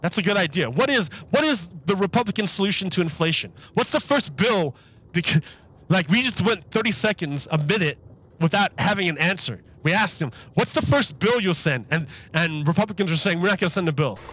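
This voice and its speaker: A man's voice: high voice, lively intonation, fairly quick, a bit bright, highs cut off. A man live-streaming commentary on a political interview, exasperated and repeating his questions over the clip.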